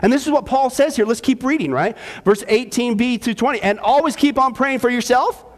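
A pastor preaching a sermon, full of energy, asking the congregation rhetorical questions and teasing them with humor. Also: male voice, very high voice, a little fast.

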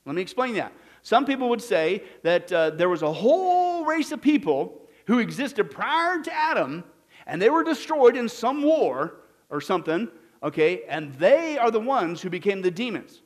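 Male preacher, high voice, emphatic Bible teaching with questions to the crowd. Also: sing-song, normal speed. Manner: emphatic, asks the audience questions. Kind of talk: sermon-style Bible teaching.

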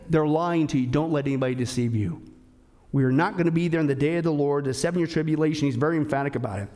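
High-voiced emphatic male preacher. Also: very animated, rapid-fire. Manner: emphatic, rhetorical questions, swings between loud and hushed. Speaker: pastor. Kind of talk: sermon.

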